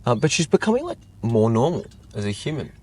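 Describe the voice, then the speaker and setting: Fast-talking and slightly rough, this mid-range male voice belongs to a young guest chatting casually. His long personal story wanders, stuffed with fillers and "like," and he relives it animatedly.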